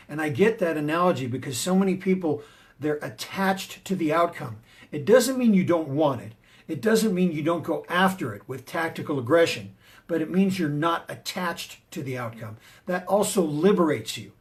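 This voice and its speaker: Emphatic motivational man, slightly high voice. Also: moderate pace. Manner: emphatic and punchy, drives points home; tells personal stories to make points. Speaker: motivational speaker and martial arts teacher. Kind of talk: motivational talk.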